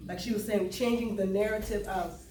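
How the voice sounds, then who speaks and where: A woman's voice: medium pitch, steady tone, brisk, mellow. A middle-aged woman giving an emotional personal testimony to a live audience at a cultural event, in a conversational storytelling way. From US Lowcountry (South Carolina). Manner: emotional, conversational Southern storytelling with call to the crowd. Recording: roomy sound from far off, faint room noise.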